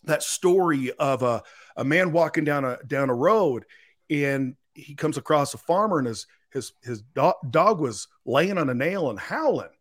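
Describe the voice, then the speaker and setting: A man's voice: on the high side, expressive, normal speed, a bit bright. A man, a real estate agent guest on a podcast, chatting casually and energetically, often repeating words.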